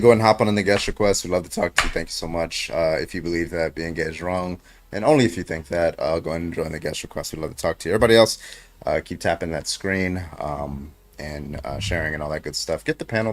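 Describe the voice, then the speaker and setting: A man's voice: low-pitched, fast, slight background noise. A man hosting a livestream debate panel, talking loosely and profanely, calling on viewers between filler words. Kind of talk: casual livestream chat.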